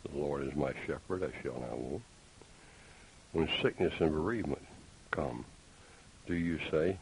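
A man preaching a sermon, deliberate and emphatic, with pointed rhetorical questions. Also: extremely low pitch, vocal fry, a little mellow, rough recording. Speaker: pastor. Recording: faint hiss.

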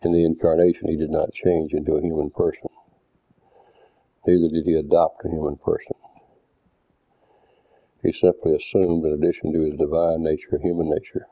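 Very deep flat-voiced man preaching. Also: no echo. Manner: deliberate, didactic, reads verses aloud. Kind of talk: doctrinal sermon with scripture readings. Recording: tinny phone-like dry sound.

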